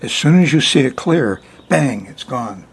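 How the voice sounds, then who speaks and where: A man's voice: medium pitch, lively intonation, unhurried, breathy edge. An older man hosting an astrology forecast in a chatty, folksy way, laughing often between points. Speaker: astrologer hosting a weekly sky report. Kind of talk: casual spoken forecast.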